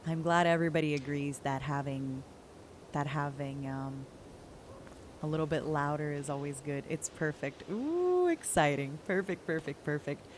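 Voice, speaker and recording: Young woman, streamer, cozy soft chat, gentle, deep-ish voice. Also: level tone, a little hiss or hum. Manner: gentle, talks slowly and softly.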